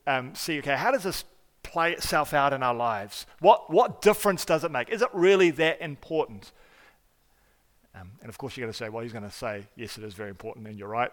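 Hall reverb surrounds a man preaching as pastor, his medium-pitched voice earnest and emphatic. He keeps restarting words and moves back and forth between loud stresses and soft asides.

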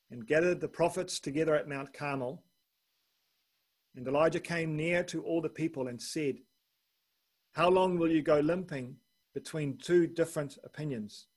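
Husky-voiced man reading scripture aloud. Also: on the high side, darkish tone. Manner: reads scripture aloud with rising emphasis on quoted speech. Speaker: preacher.

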